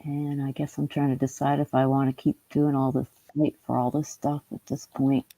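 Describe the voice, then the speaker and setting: A woman chats quietly on a livestream as she does a puzzle, her voice gravelly with a dark, husky tone. She sounds low-key and subdued, and the sound is dry and close. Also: flat delivery, normal speed, dry recording, rough recording. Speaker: streamer. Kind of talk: casual livestream chat while doing a puzzle.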